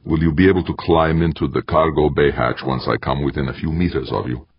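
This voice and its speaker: Guy reading as a chill reassuring pilot, deep husky voice, dry lo-fi. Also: steady tone, brisk, no echo, heavily acted. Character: confident male shuttle pilot. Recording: dry, slightly dull lo-fi sound.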